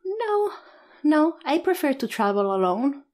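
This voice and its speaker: A woman answering as a podcast guest at home, relaxed and laughing often, pausing with fillers as she searches for words. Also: sits high. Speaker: guest, solo traveler. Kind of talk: casual interview.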